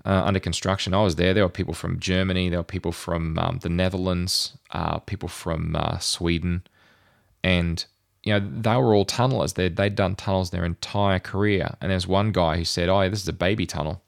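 Low gravelly man rambling. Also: fairly even intonation, normal speed, dry recording, clean studio sound. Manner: rambling, thinking aloud with many fillers. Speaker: podcast host. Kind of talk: casual chat.

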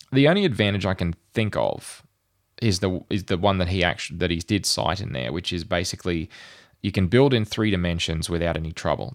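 A man with a deep voice and a gravelly edge talks through his thoughts on a podcast. He rambles casually and loads his sentences with fillers. The recording is close and dry. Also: no echo. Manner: rambling, thinking aloud with many fillers. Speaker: podcast host. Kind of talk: casual chat.

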